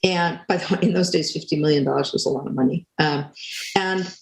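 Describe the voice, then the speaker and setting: An older woman speaking as a guest, telling a story in a lively way and acting out quoted lines. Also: low voice, fairly quick, creaky, echoey room, rough recording. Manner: animated, acts out quotes. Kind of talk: storytelling talk.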